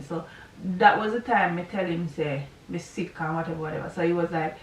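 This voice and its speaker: A woman's voice: on the low side, fairly even intonation, normal speed, distant mic, a little hiss or hum. Rambling Jamaican woman in a roomy space. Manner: rambling, chatty retelling with asides. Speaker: vlogger. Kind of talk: casual storytime vlog.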